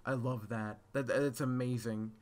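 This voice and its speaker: A man's voice: medium pitch, steady tone, measured pace, a little mellow, a little hiss or hum. A man giving a casual, scatterbrained spoken review of a show, full of fillers, restarts and casual swearing. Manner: scatterbrained, rambling with frequent fillers. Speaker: video reviewer.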